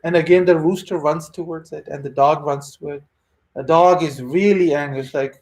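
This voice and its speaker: A man giving a sermon as a religious teacher, telling a moral story in a lively, conversational way with asides to his listeners. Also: fairly high pitch, moderate pace.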